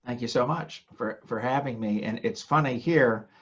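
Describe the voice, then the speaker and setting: A man's voice: mid-range voice, moderate pace, slightly rough, highs cut off. An older American man talking as a podcast guest in casual chat, laughing often and repeating words as he goes. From United States.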